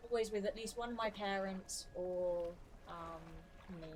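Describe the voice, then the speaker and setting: A chatty woman streams a game from home, her voice sitting at an ordinary middle pitch. She breaks off to coax and coo at her dog, then drifts back to casual chat. A faint hum of room noise stays under her voice. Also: unhurried, darkish tone, poor audio. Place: home room with a fan running.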